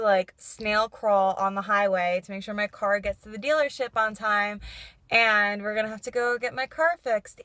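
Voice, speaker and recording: A young woman from New York vlogs in a casual, chatty way, saying "like" constantly and laughing through her frustration. Her mid-range voice has a fairly bright tone with no echo.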